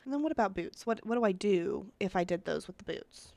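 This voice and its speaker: A woman's voice: mid-range voice, expressive, a little fast, a little mellow. A woman giving casual, chatty commentary as she builds characters in a life-sim game, thinking aloud and often talking straight to her viewers. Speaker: Sims content creator.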